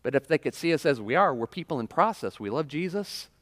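A man's voice: on the high side, expressive, a little fast, a bit bright. Male pastor, casual chatty sermon delivery, frequent audience check-ins, voice carrying a long church-hall reverb. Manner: conversational preaching with frequent "right?" and audience questions. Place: church sanctuary.

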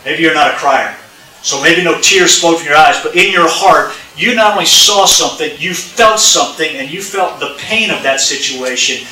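A male pastor preaches in a conversational way, repeating lines and putting questions to his congregation. His voice is very bright and a little high. It comes from some distance off the mic in an echoey church sanctuary. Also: moderate pace. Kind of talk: sermon.

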